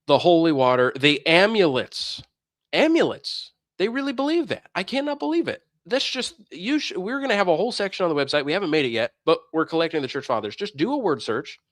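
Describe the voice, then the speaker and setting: A man's voice: a little high, a bit bright, dry recording, clean studio sound. A man hosting a religious debate stream, delivering a heated, scornful and preachy monologue that mocks his opponents. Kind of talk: ranting monologue.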